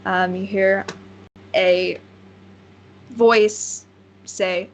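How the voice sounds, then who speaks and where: A woman's voice: medium pitch, slow pace, fairly bright tone. Woman game master, rambling descriptive narration, lots of fillers. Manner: rambling, searching for words.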